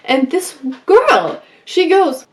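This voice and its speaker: A woman vlogger giving advice in a casual, animated way, telling stories from her school days and acting out what people said. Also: very high voice, extremely slow. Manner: animated, acts out quoted lines. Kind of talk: casual storytelling advice vlog.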